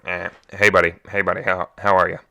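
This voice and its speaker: A young man imitating his middle-aged father answering the phone, in a nasal, lower, folksy voice with drawn-out greetings. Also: little pitch movement, creaky, bright, forceful tone, clear, resonant tone, dry recording, heavily acted. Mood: friendly. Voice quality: nasal and low.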